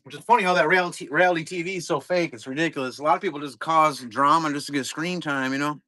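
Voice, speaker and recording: A man's voice: fairly high pitch, fast, sharp tone, no echo. Laid-back man rambling on a stream. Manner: rambling, laid-back, talks to chat viewers. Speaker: card break streamer. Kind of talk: casual live-stream chat.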